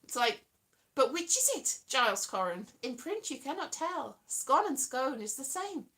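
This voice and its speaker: A woman's voice: high voice, very animated, a little slow, fairly bright tone. A woman vlogger rambling playfully about words, often singing her thoughts over her own guitar. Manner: whimsical, sings half her thoughts, playful wordplay. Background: guitar playing.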